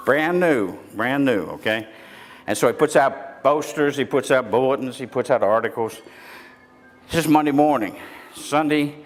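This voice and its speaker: Folksy man telling jokes. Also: medium pitch. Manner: rambling, chuckles at own jokes. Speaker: stand-up comedian. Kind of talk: folksy stand-up joke telling. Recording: echoey hall, faint background noise.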